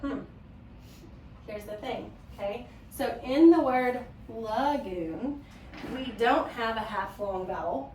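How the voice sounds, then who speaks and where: A woman's voice: on the high side, slight background noise. Woman teacher prompting a small class. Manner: patient, prompting questions with "okay?". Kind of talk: classroom phonics lesson. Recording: echoey classroom, mic far off.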